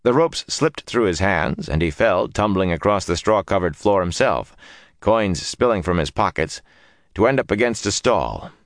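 A man with a very low voice reads a fantasy novel aloud, his tone rising and falling dramatically. The recording is close and dry, with no room sound. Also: moderate pace, no room sound. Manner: expressive, dramatic storytelling. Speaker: narrator. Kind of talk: audiobook narration.

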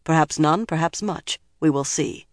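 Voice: medium pitch, dry recording, close to an everyday voice. A cold, commanding older woman weighs each word, as an audiobook reader puts her on. The delivery is stern and level, with a mid-height voice. The sound is dry and close. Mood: cold, measured. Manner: measured, cold and firm. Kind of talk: audiobook character reading.

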